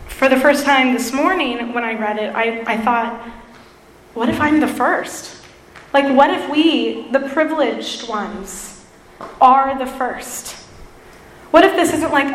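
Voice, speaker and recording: A woman preaches a sermon in a high, light voice, earnest and self-deprecating, with playful asides. Her voice rings through a roomy church hall, and a long reverb trails each phrase. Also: a bit bright, slight background noise.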